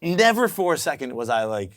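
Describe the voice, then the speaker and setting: A man's voice: on the high side, big pitch swings, fairly quick, fairly bright tone, no echo, studio quality. A man hosting an interview, asking questions with eager enthusiasm. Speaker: interview host. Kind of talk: casual interview chat.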